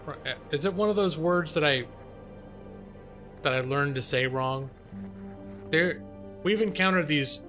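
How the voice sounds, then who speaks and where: A man's voice: on the high side, a little slow, long pauses, a bit bright. A man chatting casually on a live gaming stream, rambling and self-deprecating, with casual swearing. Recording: faint music behind.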